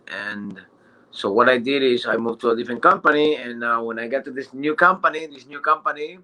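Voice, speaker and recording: A man's voice: medium pitch, moderate pace, sharp tone. A man with a Spanish accent, telling his story on a group video call, rambling with many fillers and restarts. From Quebec, Canada. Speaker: new business member. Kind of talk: casual testimonial on a group call.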